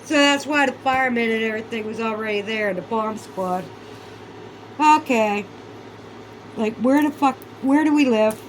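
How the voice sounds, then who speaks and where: A woman's voice: a little high, normal speed, slight background noise, rough recording. Profane, ranting woman vlogger. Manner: sarcastic, incredulous. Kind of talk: casual ranting monologue.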